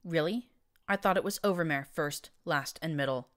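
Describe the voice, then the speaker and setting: A woman's voice: sits low, moderate pace, lightly acted. Woman voicing a cocky young mare guard. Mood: surprised.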